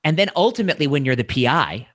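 Animated man, lively pitch. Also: quick pace, no room sound, clean studio sound. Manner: animated, many fillers and restarts. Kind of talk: casual conversation.

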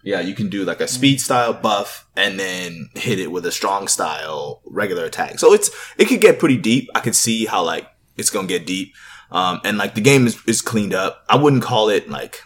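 A man co-hosting a casual gaming podcast, talking in a laid-back, slangy way. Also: moderate pace. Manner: laid-back slangy talk with lively pitch swings.

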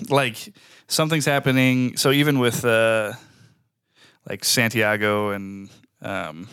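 A man's voice: on the low side, fairly even intonation, slow pace, a bit bright, smooth, dry recording, studio quality. A man co-hosting a podcast, joking and chatting easily, sometimes trailing off. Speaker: podcast co-host. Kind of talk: casual podcast banter.

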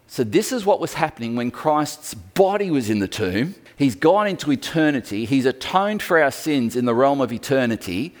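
A male pastor preaching a sermon, telling stories with animated emphasis. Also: medium pitch.

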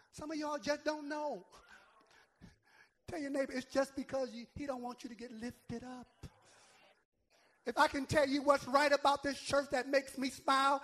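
A man's voice: very high voice, bright, forceful tone. A male pastor preaching a sermon, emphatic, repeating words and calling on the congregation to answer back.

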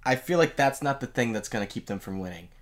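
A podcast co-host in casual chat, relaxed and wry, who starts lines with filler "uh"s while reading out nominees. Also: medium pitch, fast talker.

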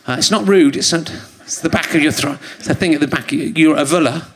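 A man's voice: on the high side, fast, fairly bright tone, husky. A middle-aged man hosting a live comedy podcast on a theatre stage, rambling and self-mocking, full of fillers and restarts. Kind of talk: stand-up style live podcast monologue. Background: audience laughter.

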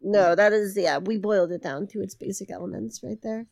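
A woman's voice: medium pitch, fairly quick, vocal fry, darkish tone, dry recording, clean studio sound. A woman co-hosting a comedy podcast while feeling sick, rambling and swearing in casual banter. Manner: rambling, self-deprecating, swearing. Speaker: podcast co-host, debate moderator.

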